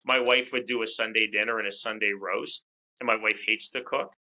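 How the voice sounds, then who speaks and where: A man talking as a guest in a casual interview, chatty and quick to restart his words. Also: fairly low pitch, fairly even intonation, pushed and bright, poor audio. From United States. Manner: talkative, repeats words as he restarts. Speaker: fight commentator, interview guest.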